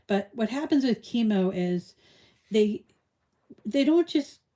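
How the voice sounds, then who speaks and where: A middle-aged woman hosts a live crafting lesson in an easy, chatty way, and she often drifts onto side stories. She talks at an unhurried pace with a warm, mellow voice. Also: fairly high pitch, expressive. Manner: rambling, chatty, drifts off on tangents. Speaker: crafting show host. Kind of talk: casual live crafting tutorial chat.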